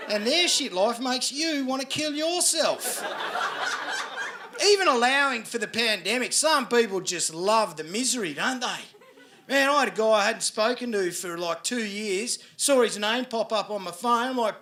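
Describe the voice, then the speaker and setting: A brash middle-aged Australian comedian with a high, bright voice works the room, swearing freely and tossing rhetorical tags back at the crowd. The live recording carries a clear layer of room noise behind him. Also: male voice, moderate pace. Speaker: stand-up comedian. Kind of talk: stand-up comedy set. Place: live comedy venue with audience. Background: audience laughter.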